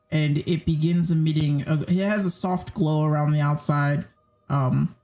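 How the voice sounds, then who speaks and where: A woman's voice: low voice, a little mellow. A woman narrating a tabletop game as game master, casual and hesitant with many fillers.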